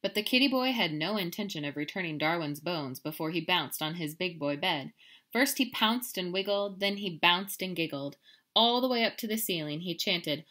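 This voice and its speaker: A woman's voice: on the low side, expressive, normal speed, pushed and bright. A woman teacher giving casual class announcements with many filler ums, then reading a picture book aloud.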